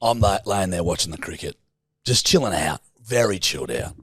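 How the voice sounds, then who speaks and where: A man's voice: low voice, fairly quick, husky, no room sound, clean studio sound. A man with an Australian accent, co-hosting a podcast, telling sweary stories in casual banter. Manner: sweary, animated storyteller, acts out quoted voices. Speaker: podcast co-host.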